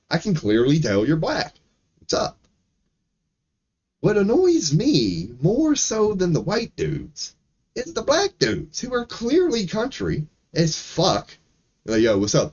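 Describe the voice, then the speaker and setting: A man's voice: high-pitched, lo-fi sound. A man from Maryland, a streamer, ranting casually with lots of swearing and laughing asides. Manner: profane, animated, laughing asides. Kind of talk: casual livestream rant.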